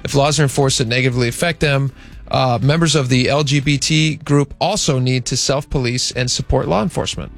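A man hosting a talk radio show in casual chat, easygoing and quick with short reactions and asides. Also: medium pitch, fairly even intonation, gravelly, faint music behind. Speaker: radio host.

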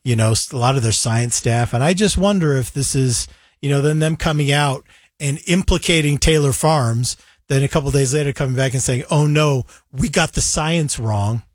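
A man co-hosting a casual chat show, telling stories with animated retelling of his own thoughts. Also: mid-range voice, a little fast, dry recording, studio quality. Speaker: co-host.

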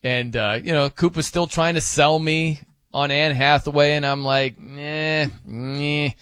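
A man's voice: on the high side, normal speed, clean tone, no room sound. A man filling in as a sports radio host, bantering casually and jokingly with fillers from a studio mic. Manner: animated, joking, rambling with fillers. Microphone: close studio mic.

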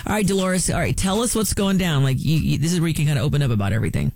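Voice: mid-range voice, animated, very fast, gravelly, darkish tone, faint music behind. Soothing radio call-in host. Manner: soothing, reassuring.

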